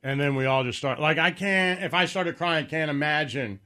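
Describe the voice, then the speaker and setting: A man's voice: on the high side, moderate pace, pushed and bright. A man co-hosting a casual chat, joking and acting out quoted asides. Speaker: co-host.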